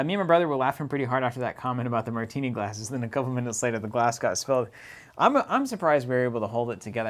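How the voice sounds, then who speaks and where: In an office, a man with a fairly low voice co-hosts a card game stream, chatting casually, laughing often, and reading viewer comments out loud.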